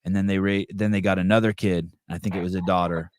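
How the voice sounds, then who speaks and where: A man's voice: low voice, flat delivery, quick pace, no room sound, studio quality. A man hosting a podcast, telling stories in a rambling, profane, casual way. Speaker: podcast host. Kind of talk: casual chat.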